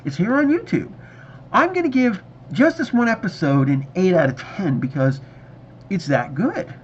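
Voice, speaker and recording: A man's voice: sits high, very animated, moderate pace, slight background noise. A man reviewing a TV episode in casual video chat, enthusiastic and rambling, recorded on a dull lo-fi mic. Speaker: movie reviewer.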